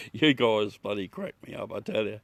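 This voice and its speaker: A man's voice: on the low side, measured pace, creaky, noisy background. A middle-aged Australian man hosting a livestream, chatting casually with viewers, laughing, joking and swearing as he talks. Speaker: livestream host. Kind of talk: casual chat with live viewers.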